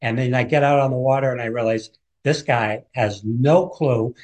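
A man's voice: medium pitch, moderate pace, a little mellow. A man who is an author, vividly retelling a true story as a guest in a radio interview.

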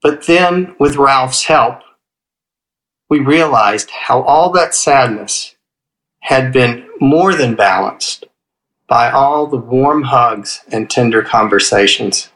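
A man closing a true personal story in first person, in a gentle, heartfelt way. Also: medium pitch, slow pace, poor audio.

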